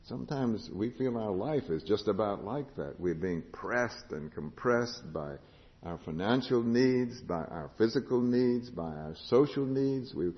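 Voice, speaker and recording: A man with a fairly low voice preaches a sermon in a big reverberant hall, on a dull, lo-fi recording. He swings from ringing proclamation down to hushed, intimate passages. Now and then he puts questions to his listeners. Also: animated, a little slow. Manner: rises to loud proclamation, drops to hushed tones; asks the congregation questions.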